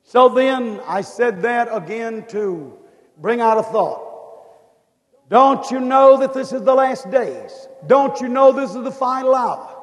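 A man preaching a fervent revival sermon, repeating phrases and building up to shouted questions. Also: extremely high pitch, lively intonation, unhurried. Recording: long hall reverb.

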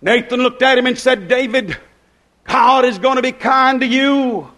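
A man preaching a sermon, stretching his phrases and rising to shouted peaks. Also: very high-pitched, a little slow.

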